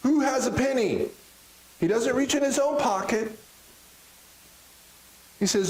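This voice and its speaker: In a church sanctuary, a middle-aged pastor with a Texan accent preaches a sermon, cracking jokes and acting out the crowd's voices. His voice is very high-pitched and darkish, he takes his time, and the recording is rough.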